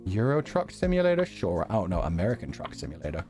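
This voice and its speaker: A man's voice: deep voice, wildly swooping pitch, fast talker, a little mellow, soft background music. A man talking casually to his chat on a live stream, reacting to videos and laughing often.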